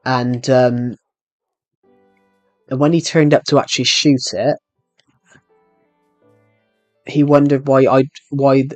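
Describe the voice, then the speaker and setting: A man's voice: medium pitch, little pitch movement, measured pace, no echo, soft background music. A young man live streaming a game, telling a rambling, aggrieved story that keeps repeating and restarting phrases. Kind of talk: casual live stream chat while gaming.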